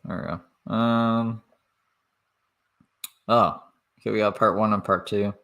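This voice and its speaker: A man's voice: fairly low pitch, steady tone, slow pace, a bit bright, clear, resonant tone, dull audio. A man from Canada giving casual reaction commentary, swearing and laughing between remarks. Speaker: reaction streamer.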